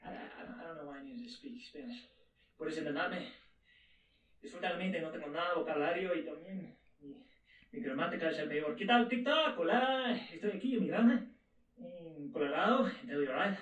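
Hammy, giggly middle-aged movie-star figure, as a man puts him on, his high voice bouncing up and down with chipper energy. The clip sounds distant and roomy, like phone video with faint ambience behind it. Playful social-media showmanship. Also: lively intonation, fast, a bit bright. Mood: cheerful. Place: outdoors on a farm.

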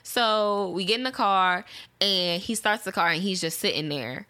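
A woman's voice: mid-range voice, moderate pace, dry recording. A woman, telling a story in casual chat and acting out both sides with slang. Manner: animated, acts out both sides of her stories, profane slang.

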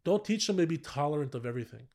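A man's voice: on the high side, lively intonation, racing, a little mellow. A man, a guest on a casual podcast, talking bluntly and emphatically and swearing freely.

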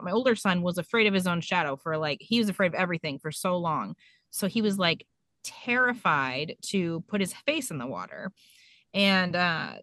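A woman's voice: on the low side, a bit bright, no echo. A woman in her thirties telling a self-mocking mom story in casual podcast chat.

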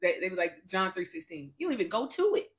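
A woman co-hosting a casual faith podcast, talking in an animated, testifying way with quick interjections. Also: lowish voice. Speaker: podcast co-host.

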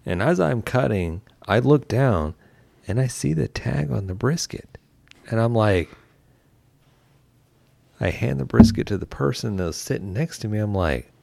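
A man's voice: medium pitch, lively intonation, moderate pace, vocal fry, a little mellow. A man telling a story in casual chat, acting out his own lines. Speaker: barbecue team member.

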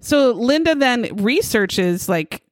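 A woman's voice: fairly high pitch, lively intonation, takes it slowly, no echo, clean studio sound. A woman telling a story in casual chat, sarcastic and profane, mocking the people in it.

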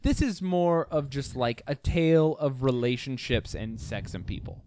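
Clear-voiced joking man. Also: mid-range voice, animated, moderate pace, mellow, dry recording. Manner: crude, joking, swears freely. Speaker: podcast co-host reading listener stories. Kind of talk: casual comedic podcast chat.

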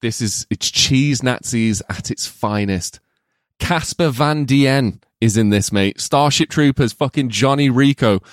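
Mid-pitched podcast guy, gets excited, swears a lot, dry close mic. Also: unhurried, no echo. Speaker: podcast co-host. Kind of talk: casual film podcast chat.

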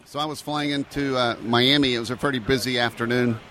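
A man's voice: medium pitch, steady tone, a little fast, over music. A man, an airline pilot, casually telling a story and mimicking radio calls. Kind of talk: casual anecdote.

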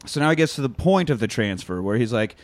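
Male host, casual profane recap, dry close sound, middle pitch. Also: quick pace, no echo. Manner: profane, animated retelling with acted quotes. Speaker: podcast host. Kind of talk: casual chat, recapping a film.

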